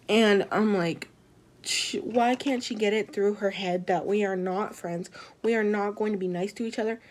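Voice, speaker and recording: A teenage girl, a student, casually telling a story to the camera in an animated, dramatic way, with "I was like" all through it. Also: medium pitch, moderate pace, pauses often.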